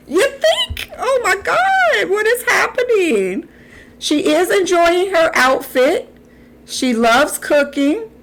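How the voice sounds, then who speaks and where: A young adult woman streaming live, giving animated gameplay commentary and talking back to the characters on screen. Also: on the high side.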